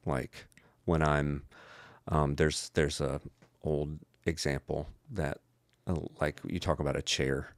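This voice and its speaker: A young man with an extremely deep, low voice talks things through in a casual podcast chat. He is a pastor who keeps acting out little quoted voices and peppers his talk with "like". The sound is close and dry, with no room around it. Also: flat delivery, takes it slowly, no echo. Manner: acts out quoted voices, fills speech with "like".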